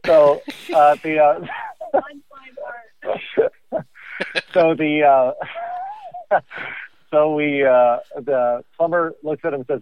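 A man's voice: a little high, fairly even intonation, very slow, long pauses, clean tone, dry recording. A man co-hosting a podcast by phone while driving, telling a joke in a hesitant, rambling way full of fillers. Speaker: podcast co-host. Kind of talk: casual chat by phone. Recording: tinny phone line.

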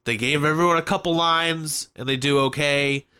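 A man's voice: a little high, moderate pace, clear, resonant tone. A man co-hosting a podcast, chatting casually about a movie and joking as he acts out lines. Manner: animated, jokey, acts out quotes. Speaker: podcast co-host. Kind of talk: casual movie-review chat.

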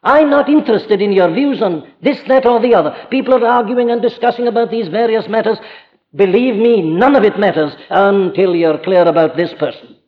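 A man's voice: sits high, fairly quick, big-room sound. A man with a Welsh accent preaching a sermon, earnest and emphatic, speaking directly to his listeners. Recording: dull lo-fi archive recording.

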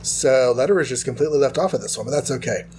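A man casually retelling a comic book plot, tossing in quick voices for the characters. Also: medium pitch, animated, darkish tone, a little hiss or hum. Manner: loose, chatty retelling with quick dialogue voices. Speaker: podcast host.

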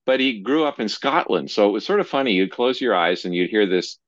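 A man hosting a podcast interview, chatty and quick to laugh. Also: fairly low pitch, no room sound, highs cut off. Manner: lively, chatty, laughs easily. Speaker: podcast host. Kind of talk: casual interview chat.

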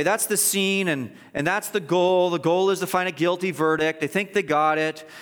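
A man preaching an expository sermon, animated and mocking, with frequent restarts and sarcastic asides. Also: high voice, normal speed, few pauses, clear, resonant tone, in a large hall.

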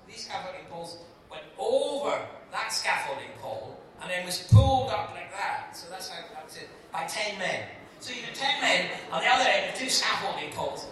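A man's voice: high-pitched, far from the mic. Older man telling stories in an echoey hall. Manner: animated storyteller, acts out voices, laughing. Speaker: guest actor at a fan convention Q and A. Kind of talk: anecdotal stage talk. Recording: echoey hall heard from afar with crowd. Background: audience laughter.

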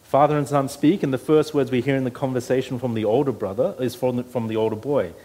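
A man's voice: mid-range voice, fairly even intonation, fast, mellow. A pastor preaching an earnest sermon to his church, his voice rising when he quotes scripture.

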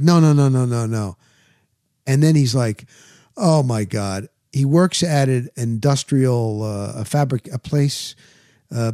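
A man's voice: a little high, no room sound, clean studio sound. A male radio host telling a casual bar story, acting out the quoted voices of the people in it. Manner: animated, acts out quoted voices.

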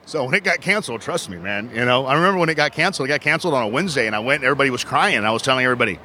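Animated joking man at a convention booth. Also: medium pitch, racing, a little hiss or hum. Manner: loud, teasing, theatrical outbursts. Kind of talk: joking banter selling at a booth. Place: busy convention floor.

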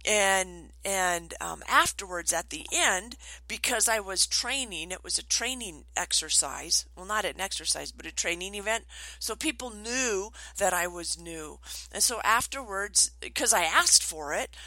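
Middle-aged woman, trainer, lively storyteller, bright and forceful tone, dry close sound. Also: medium pitch, measured pace, no room sound, rough recording. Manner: animated, acts out quoted voices. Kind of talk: storytelling talk.

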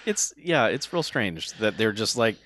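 A man's voice: fairly low pitch, very animated, measured pace, fairly bright tone, no echo. A man co-hosting a podcast, making dry, wry remarks while discussing a movie. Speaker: podcast co-host. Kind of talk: casual movie recap chat.

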